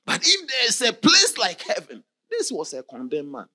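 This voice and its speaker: A man's voice: high-pitched, huge pitch swings, moderate pace, slightly rough. Passionate male preacher, big swings. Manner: passionate, swinging from quiet to shouted. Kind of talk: sermon.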